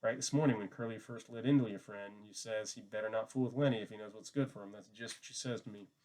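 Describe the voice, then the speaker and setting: A man voicing an old, worn-out ranch swamper who talks in a gruff, earnest way, his voice low and subdued. He sounds tired and solemn in a read-aloud novel. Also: fairly even intonation, fast, darkish tone, lightly acted.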